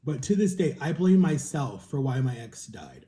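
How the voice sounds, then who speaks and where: A man's voice: mid-range voice, expressive, moderate pace, mellow. A man in his thirties talking earnestly and at length in a rambling, repetitive way, as on a mukbang vlog. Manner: earnest, rambling, repeats himself. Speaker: vlogger. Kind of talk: emotional mukbang talk. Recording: echoey room.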